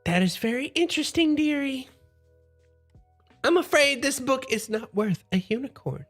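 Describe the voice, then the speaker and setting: Speaking in a voice pitched higher than her own, a woman plays a cloying old hag, sweet but menacing, who pushes tea on her guests. She drags out her words and calls everyone dearie. Her voice sits high and expressive, with faint music behind it.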